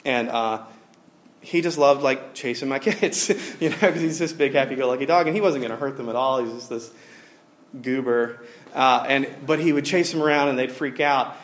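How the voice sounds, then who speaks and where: A man in his forties preaching a sermon in a casual, animated way, with lots of fillers as he tells stories. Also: medium pitch, normal speed. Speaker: pastor. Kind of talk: conversational sermon.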